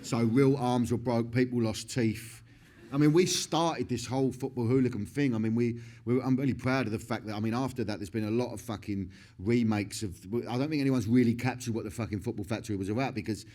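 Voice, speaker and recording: A man's voice: mid-range voice, brisk, warm tone. A middle-aged man, talking in a candid stage interview, swearing constantly, laughing often and restarting his sentences. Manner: profane, laughing, rambling with many restarts.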